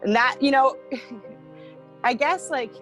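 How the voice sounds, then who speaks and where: A woman's voice: high voice, takes it slowly, fairly bright tone, rough recording. A woman being interviewed, recounting a personal ordeal in an earnest way, with frequent fillers. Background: music.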